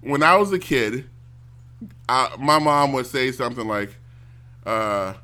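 A man ranting casually to a stream audience, animated and given to mocking impressions. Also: medium pitch, takes it slowly. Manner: animated, mocks others in loud exaggerated voices.

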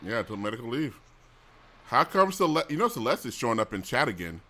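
A middle-aged man talks in a loose, rambling way, griping bluntly with plenty of swearing and false starts. His voice is bright and forceful, at a middling pitch. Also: sing-song, quick pace. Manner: blunt, complaining, profane, with restarts. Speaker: show host. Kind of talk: casual rambling chat.

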